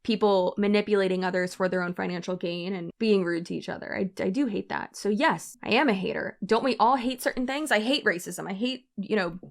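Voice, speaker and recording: A woman's voice: medium pitch, brisk, creaky, few pauses. Sarcastic young woman reading comments. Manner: sarcastic, sassy, wry comebacks.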